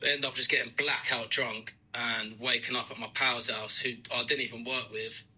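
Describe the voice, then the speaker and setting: British male podcast host, very bright voice, comic storyteller. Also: medium pitch, moderate pace, husky, low-quality recording. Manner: lively comic storytelling with laughs. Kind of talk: reading out a listener's story.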